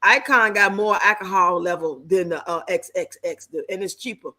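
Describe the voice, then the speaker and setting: Bright-voiced woman streamer, blunt and salty. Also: fairly low pitch, normal speed. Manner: blunt, salty, laughing commentary with slang. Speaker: livestreamer reacting to videos and reading chat. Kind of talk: casual live stream chat.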